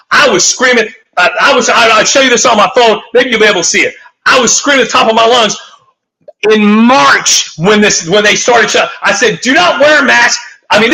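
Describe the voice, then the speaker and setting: A man's voice: sits high, sharp tone, poor audio. A man on a talk show giving a heated, profane, rambling rant, full of emphatic restarts. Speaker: guest.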